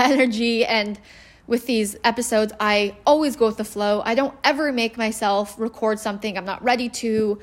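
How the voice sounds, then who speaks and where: Woman podcast host with a slightly high voice, earnest and conversational, speaking solo on parenting. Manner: earnest, conversational, with occasional laughs.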